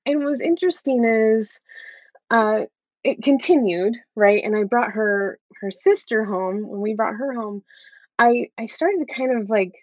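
A woman's voice: fairly high pitch, expressive, a little slow, darkish tone, no echo. A woman in her thirties, a guest in an interview, telling a personal story candidly and often adding "right?". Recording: dull, dry, lo-fi sound.

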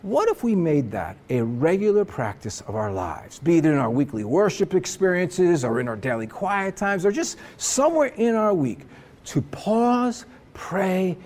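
A man preaching a sermon as pastor, earnest and emphatic, slowing down for dramatic pauses. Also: sits high, very animated, a little mellow.

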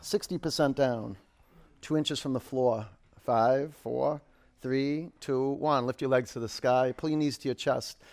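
A man's voice: mid-range voice, steady tone, unhurried, a little mellow. A man leading a live yoga class, calling out counts and motivating cues, with casual storytelling asides. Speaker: yoga instructor.

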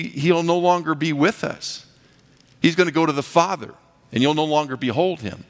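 A man preaching a sermon as pastor, animated and acting out the voices he quotes. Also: a little high, in a large hall.

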